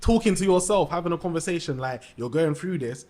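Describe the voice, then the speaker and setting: Rapper guy on a podcast, voice a bit high, lots of yeah yeah yeah. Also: animated, fairly quick, dark tone. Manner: constant "yeah, yeah" agreement. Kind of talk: casual chat.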